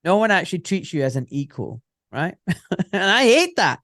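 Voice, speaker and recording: Blunt, animated middle-aged man, slightly high voice, dry close sound, candid guest storyteller. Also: moderate pace, no echo. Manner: animated, blunt, swears, acts out quoted voices. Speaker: guest, orthopaedic surgeon.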